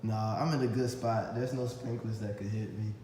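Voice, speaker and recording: A man vlogging casually and teasing his friends during a game of tag, laughing a lot in a relaxed way. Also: fairly low pitch, normal speed. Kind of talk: casual playful chat. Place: indoor tornado shelter. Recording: echoey hall, faint noise.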